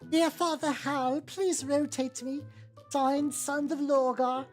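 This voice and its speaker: A woman's voice: sits high, fairly even intonation, slow pace, soft background music, voice pushed up. A woman putting on prim faux-British little soldiers. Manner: pleading, prim and formal. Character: tiny male miniature soldiers begging politely.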